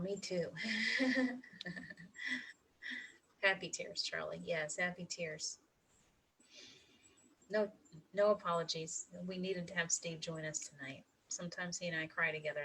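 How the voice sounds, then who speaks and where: Middle-aged woman, low-ish voice, chatty spiritual livestream host, laughs a lot, faint room hum. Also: poor audio. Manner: laughs often, warm encouraging tone. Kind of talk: casual livestream talk to viewers.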